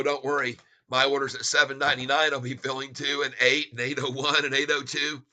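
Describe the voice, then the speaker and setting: A gleeful, excitable man narrating his stock trades live as the numbers tick by. His voice sits a little high and comes across sharp and forceful, and he keeps chuckling at the market. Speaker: stock-trading streamer. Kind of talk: live stock-trading commentary.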